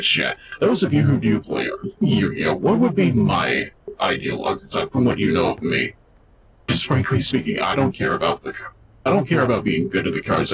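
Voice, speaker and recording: A man's voice: fairly high pitch, noisy background. A man streaming a card game, chatting casually with his chat in a rambling, jokey way. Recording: game music behind voice.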